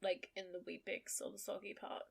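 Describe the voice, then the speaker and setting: A woman's voice: medium pitch, flat delivery, a little fast, creaky, slightly rough. A woman co-hosting a podcast, who reacts bluntly and swears freely. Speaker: podcast co-host. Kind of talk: casual chat.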